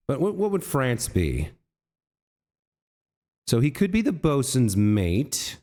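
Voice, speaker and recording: A man with a medium-pitched, slightly mellow voice hosts a let's play, puzzling things out aloud. He keeps correcting himself and talks directly to the characters on screen.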